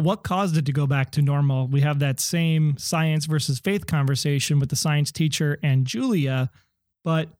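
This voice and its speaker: Male podcast co-host, fairly high voice, dry close mic, eager theorizing. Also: darkish tone, dry recording. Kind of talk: casual chat, reading listener mail.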